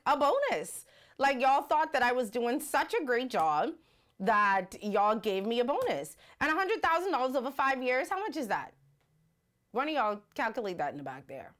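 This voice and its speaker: Woman livestreamer, speech, lively swooping pitch, rhetorical questions, chatty. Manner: animated, rhetorical, reads viewer comments aloud. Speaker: livestream host. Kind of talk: casual live-stream commentary.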